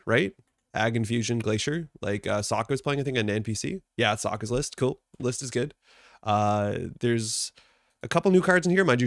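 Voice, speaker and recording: A man's voice: mid-range voice, dry recording, studio quality. A man hosting a live card game stream, chatting casually and greeting viewers by name, a little stuffed up from allergies.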